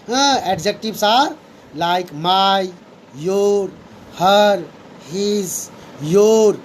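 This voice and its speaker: A woman's voice: medium pitch, a little hiss or hum, low-quality recording. A woman teaching a grammar lesson to students, going over each definition again and again and returning often to "here" and "so students". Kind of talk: slow classroom lesson.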